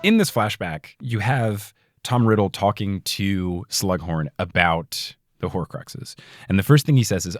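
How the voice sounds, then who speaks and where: Young man, podcast host, animated voice, dry studio sound, casual chat. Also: low voice, a little slow, no echo. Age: 20s. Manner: lively, laughs often.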